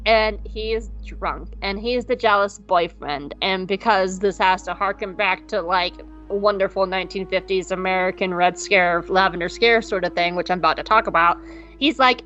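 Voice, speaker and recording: A young adult woman co-hosting a podcast, recapping an episode in a casual, joking way and acting out characters in quick voices. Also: on the high side, fairly bright tone, lo-fi sound, faint music behind. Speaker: podcast co-host.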